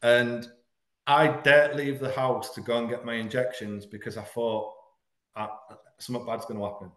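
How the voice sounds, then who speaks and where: A man speaks in a middle-pitched voice and tells a hard personal story with blunt honesty. He pauses and stumbles over the heaviest parts, but he keeps going. The room gives his voice a roomy echo. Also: flat delivery, a bit bright. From Hull, England. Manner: frank, earnest, halting at painful moments. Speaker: podcast guest. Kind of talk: candid personal storytelling in an interview.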